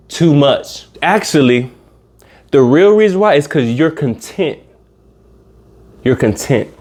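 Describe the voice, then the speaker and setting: A man's voice: mid-range voice, darkish tone. A man hosting a casual reaction video, rambling and preaching life lessons straight to his viewers and swearing freely.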